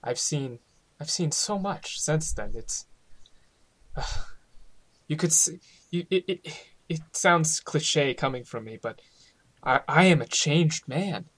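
A man's voice: fairly high pitch, expressive, slow pace, a bit bright, exaggerated voice. A man playing a scheming scholar, gushing and overly earnest. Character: scheming male scholar feigning sincere reform.

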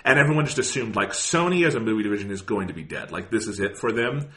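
A man's voice: lowish voice, expressive, fast, bright, forceful tone. A man hosting a casual podcast, sardonic and dismissive, swearing now and then. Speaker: podcast host.

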